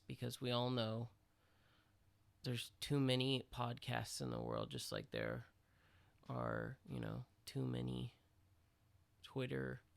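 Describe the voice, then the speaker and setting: A man co-hosting a podcast, rambling through an absurd deadpan mock apology. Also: mid-range voice, gravelly. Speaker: podcast co-host. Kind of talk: absurd comedy monologue.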